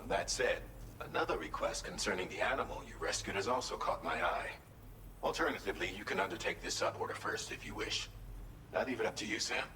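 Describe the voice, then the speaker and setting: A man plays a formal male mission dispatcher in a video game, giving measured directions. His lowish voice rises and falls freely. It sounds roomy, with clear music behind it. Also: animated, noisy background, close to an everyday voice. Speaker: game character. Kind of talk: game dialogue.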